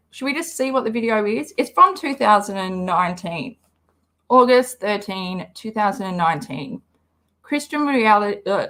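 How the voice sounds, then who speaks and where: A woman talks slowly and easily as she hosts a live reaction stream. She rambles from one thought to the next in a casual, chatty way and reads the chat aloud as she goes. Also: a little high, fairly bright tone. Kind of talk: casual livestream commentary.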